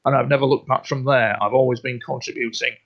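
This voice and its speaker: A man of middle pitch, talking earnestly as a guest on a radio show. He rambles and doubles back over his words. The recording is dull and lo-fi. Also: steady tone, quick pace. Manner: rambling, repeats himself, earnest. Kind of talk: radio interview. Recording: dull lo-fi sound.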